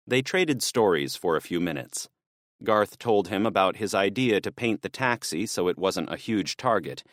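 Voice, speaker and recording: Deep-voiced male audiobook narrator. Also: expressive, normal speed, a bit bright, no room sound, clean studio sound. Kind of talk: scripted narration.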